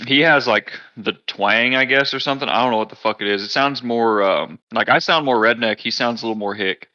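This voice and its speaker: A man's voice: medium pitch, fairly quick, bright, forceful tone. A young man with a Texan drawl, co-hosting a casual podcast, blunt and profane. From Texas. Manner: blunt and profane, with a dry laugh. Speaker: podcast co-host. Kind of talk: casual chat. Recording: dull lo-fi podcast audio.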